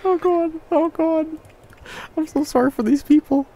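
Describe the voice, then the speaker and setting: Excitable high-voiced male streamer. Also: normal speed, slight background noise. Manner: excitable, frequent laughter and swearing. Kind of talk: casual game stream commentary.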